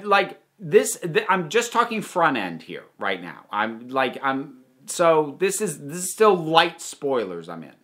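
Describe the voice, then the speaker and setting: Male reviewer, bright, clear tone; animated and chatty with frequent restarts. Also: a little high. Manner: animated, many restarts and trailing asides. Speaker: movie reviewer. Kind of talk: casual spoken movie review.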